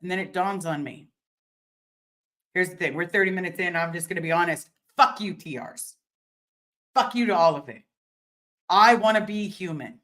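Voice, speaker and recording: A young woman chats through a home livestream and answers her viewers' comments as they come in. She speaks candidly and informally, restarting sentences and filling pauses as she goes, and now and then she swears. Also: fairly low pitch, a bit bright. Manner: candid and chatty, swearing, many fillers and restarts. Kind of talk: casual livestream chat.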